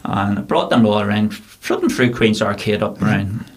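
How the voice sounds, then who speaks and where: A bartender with a Belfast accent telling rambling, animated anecdotes in a casual interview. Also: male voice, fairly low pitch, normal speed, a little hiss or hum.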